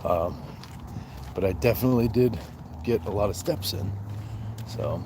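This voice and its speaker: A man's voice: fairly low pitch, unhurried, pauses often, noisy background. A man hosting a casual live stream from his phone while walking outdoors at night, reading viewer comments aloud and chatting back. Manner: relaxed, reads viewer comments aloud and answers them. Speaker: livestream host. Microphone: handheld phone.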